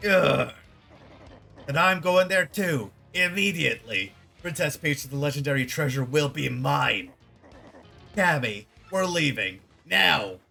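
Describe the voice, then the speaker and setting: A man's voice: on the high side, expressive, unhurried, creaky, bright, forceful tone, soft background music, heavily acted. A man doing a blustering villain king. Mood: irritated. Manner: bellowing, gloating, indignant. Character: boastful blustering male villain king, hot-tempered. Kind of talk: reading game dialogue aloud in character.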